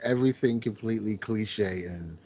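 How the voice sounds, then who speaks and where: A man's voice: on the low side, normal speed, mellow. A man co-hosting a podcast, playful and self-deprecating, laughing often in casual comedic chat. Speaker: podcast co-host.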